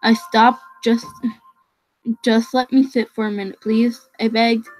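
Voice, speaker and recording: A woman's voice: a little high, level tone, measured pace, soft background music, rough recording. A woman reading a novel aloud, often stumbling and restarting phrases. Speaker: reader.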